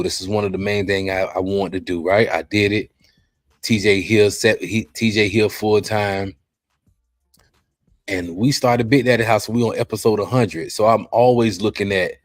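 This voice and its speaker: A deep-voiced man speaks with the slow, heavy weariness of someone near tears, stumbling and repeating his words as he opens up on a podcast. The sound is close and dry, with no room around it. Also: no room sound. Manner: weary, halting, repeats himself. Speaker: podcast host. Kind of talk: emotional podcast talk.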